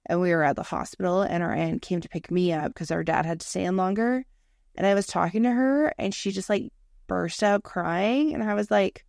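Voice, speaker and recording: Chatty young woman with a gravelly low voice. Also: a little fast, darkish tone, dry recording, clean studio sound. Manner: chatty storyteller, swearing, laughing, acting out quotes. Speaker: podcast co-host. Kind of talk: casual chat.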